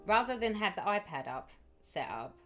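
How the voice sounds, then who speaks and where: A woman's voice: mid-range voice, sing-song, moderate pace, soft background music. A woman hosting a casual live stream, chatting and reading out viewers' comments with effusive sympathy.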